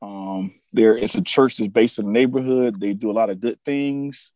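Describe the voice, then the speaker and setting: A man co-hosting a casual podcast chat, an animated storyteller who laughs often and acts out movie lines. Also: fairly low pitch, normal speed, no echo. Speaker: podcast co-host.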